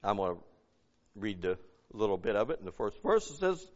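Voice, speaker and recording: A man's voice: lowish voice, very animated, brisk, long pauses. A man preaching a fervent sermon, reading scripture aloud and pleading in prayer. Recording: dull lo-fi recording.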